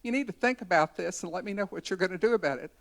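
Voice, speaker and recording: A woman voicing a sassy, insistent Southern woman over seventy, her voice a little higher and louder than her own. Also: racing, close to an everyday voice.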